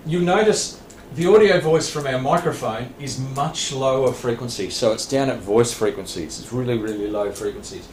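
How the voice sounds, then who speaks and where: A man's voice: medium pitch, normal speed, a little mellow. A man teaching a radio licence class, explaining plainly with frequent restarts and small laughs. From Australia. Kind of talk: classroom lecture. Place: training room. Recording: echoey room, faint background hiss.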